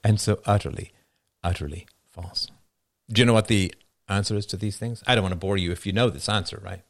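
A man's voice: fairly low pitch, a little fast, no echo. A man hosting a show, giving casual commentary and answering chat with rhetorical questions and frequent laughs. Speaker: show host.

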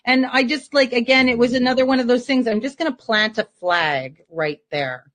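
A woman recounts a story as an interview guest, her voice sitting a little high. She rambles casually, looping back on herself with steady fillers. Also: moderate pace.

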